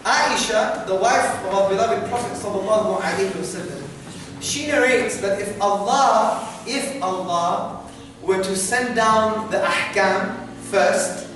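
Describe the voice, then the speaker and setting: A man answering student questions in a university lecture hall, animated and often checking in with "yeah?". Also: high-pitched, unhurried. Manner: animated, repeats "yeah?" to the audience. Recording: very echoey hall, noisy, from far off.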